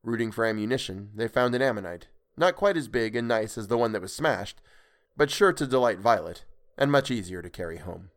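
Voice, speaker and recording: A man's voice: on the low side, expressive, brisk. A man narrating a story for his podcast, breaking off into chatty, self-deprecating asides about his own mistakes. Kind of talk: casual audiobook narration with asides.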